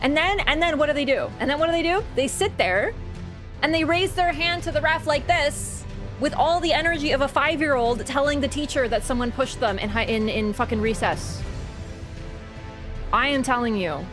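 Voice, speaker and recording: Ranting high-voiced woman streamer. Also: moderate pace, over music. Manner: rambling, swearing rant. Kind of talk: casual live-stream chat.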